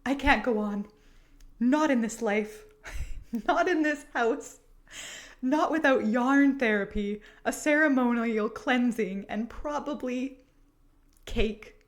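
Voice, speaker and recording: A woman voicing an overdramatic, sobbing diva who wails in a high, theatrical way. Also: slow pace. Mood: melodramatic wailing. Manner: wailing, melodramatic.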